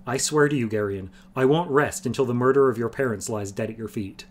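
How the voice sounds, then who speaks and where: A man's voice: mid-range voice, quick pace, close to an everyday voice. A man reading aloud and voicing an impulsive, polite young nobleman who speaks in eager, earnest declarations. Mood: fervent.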